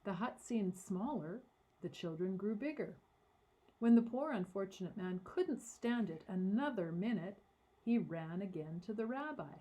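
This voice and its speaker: A woman reading a story aloud to children in an animated, dramatic way, giving voices to the characters. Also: medium pitch, unhurried, breathy edge, poor audio. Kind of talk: expressive read-aloud storytelling.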